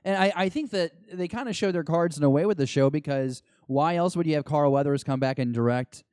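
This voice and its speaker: Excitable rambling man, high-ish voice. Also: brisk, smooth, dry recording, clean studio sound. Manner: excitable, rambling fan talk. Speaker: podcast co-host. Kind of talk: casual chat.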